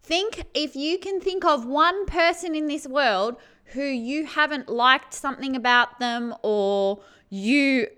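In a high, slightly bright voice, a woman vlogs slowly with few pauses, giving casual self-help advice to camera. She laughs frequently, swears without holding back, acts out how she feels, and keeps tossing in "right?"

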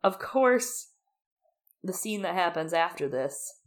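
A woman's voice: lowish voice, slow pace. A young woman co-hosting a casual podcast, animatedly recapping a TV episode and acting out the characters' lines with laughter. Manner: animated, gushing, acts out quotes with laughs. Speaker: podcast co-host.

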